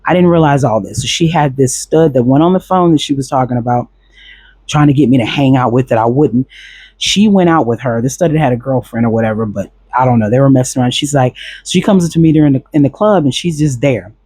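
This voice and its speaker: A man's voice: medium pitch, fairly quick, husky, no room sound. A man bluntly recounting a personal story to camera, swearing often and acting out other people's lines. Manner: blunt, profane, animated retelling with quoted voices.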